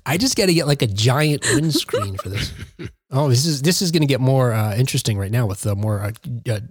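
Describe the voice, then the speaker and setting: A man's voice: medium pitch, very animated, brisk, slightly rough, no room sound, studio quality. A man co-hosting a podcast, chatting casually with rambling, self-deprecating asides. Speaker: podcast co-host. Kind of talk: casual chat.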